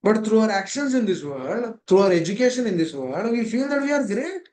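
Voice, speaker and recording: A man's voice: high voice, big pitch swings, brisk, a little mellow, a little hiss or hum, poor audio. A man gives a devotional scripture class over a video call. He keeps asking rhetorical questions and linking ideas with "that means.".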